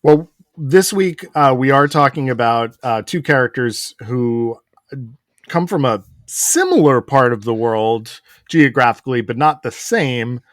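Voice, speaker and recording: An easygoing man co-hosting a podcast, steering the topic in relaxed, casual chat. His voice sits at an ordinary middle pitch. The recording is dry and close, with no echo. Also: a little slow. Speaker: podcast co-host.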